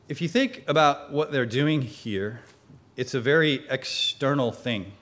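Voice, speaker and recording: A man's voice: mid-range voice, measured pace, fairly bright tone. A man teaching a Bible study, explaining the text earnestly and asking rhetorical questions as he goes.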